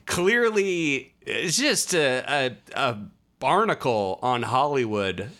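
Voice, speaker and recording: A young man co-hosts a casual podcast in a bright voice whose pitch swings widely. He riffs in a sardonic way and keeps the chat lively. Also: slow. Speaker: podcast co-host.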